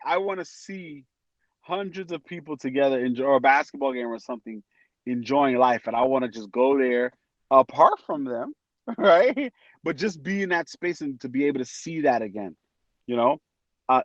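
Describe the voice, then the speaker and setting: A man talking as a podcast guest in an animated, casual way, acting out his friends' voices as he tells stories. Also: fairly high pitch, dry recording. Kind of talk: casual chat. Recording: dry, dull lo-fi sound.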